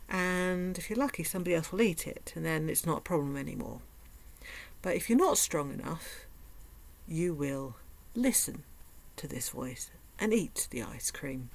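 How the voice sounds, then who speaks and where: A woman talking in a sarcastic vlog commentary, with dry asides and dips into mock whispers. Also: lowish voice. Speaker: vlogger.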